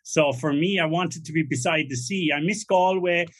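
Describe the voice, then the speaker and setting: A man's voice: on the high side, normal speed, fairly bright tone. Easygoing Irish man hosting a chat. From Ireland. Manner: easygoing, chatty, with restarts. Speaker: podcast host. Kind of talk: casual interview chat. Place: home music studio.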